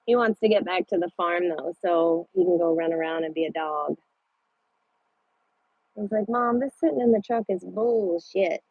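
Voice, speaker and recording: A woman's voice: fairly low pitch, moderate pace, husky, no echo. A woman truck driver chatting casually with viewers on a live stream from her parked truck at a rest area, swearing now and then. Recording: dull lo-fi sound.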